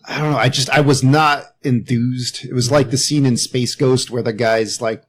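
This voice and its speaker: A man's voice: mid-range voice, steady tone, moderate pace, slight background noise. A man co-hosting a movie podcast, recounting scenes with dry, unimpressed humor. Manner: dry, unenthused storytelling. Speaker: podcast co-host. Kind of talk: casual movie chat.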